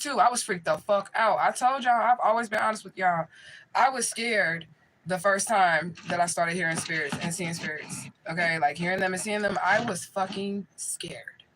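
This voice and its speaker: A woman's voice: medium pitch, a bit bright, rough recording. A woman working as a spiritual medium, hosting a casual livestream and answering viewers' chat in a blunt, profane way.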